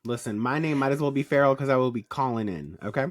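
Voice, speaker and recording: A podcast co-host with a Southern US twang, talking in blunt, emphatic, profane bursts with quick asides. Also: mid-range voice, lively intonation, dry recording, studio quality. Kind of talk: casual podcast chat.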